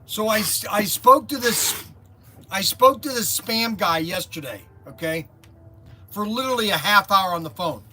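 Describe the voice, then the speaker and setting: Chatty high-voiced guy rambling on a stream. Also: normal speed. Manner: rambling, animated storytelling, joking. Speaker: host of a toy and hobby shop livestream. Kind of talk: casual livestream chat. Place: warehouse workspace.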